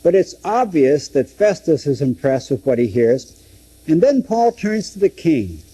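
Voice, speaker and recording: A man's voice: on the high side, big pitch swings, measured pace, dark tone, slightly rough, rough recording. A man teaching through a Bible book, dramatically acting out the quoted speeches. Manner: dramatic, acts out scripture quotes.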